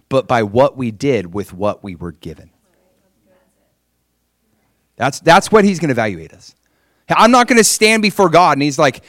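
A middle-aged man preaching a sermon in a conversational, animated way, acting out the voices he quotes. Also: mid-range voice, dry recording, studio quality.

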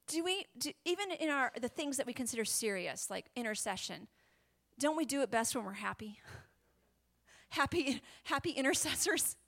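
A woman preaching a sermon, animated and chatty, often dropping to a whisper and laughing. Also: high voice, moderate pace.

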